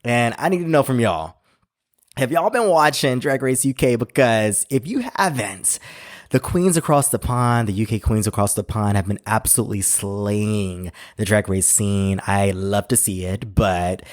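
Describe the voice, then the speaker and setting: Animated man hosting a podcast. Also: lowish voice, moderate pace, no room sound, clean studio sound. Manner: animated, playful, slangy, laughs often. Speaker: podcast host. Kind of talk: casual solo podcast chat.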